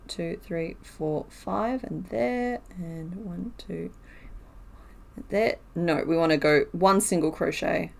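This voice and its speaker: A woman's voice: fairly low pitch, creaky, darkish tone. A woman streaming while she crochets, talking casually, counting stitches aloud and answering her chat.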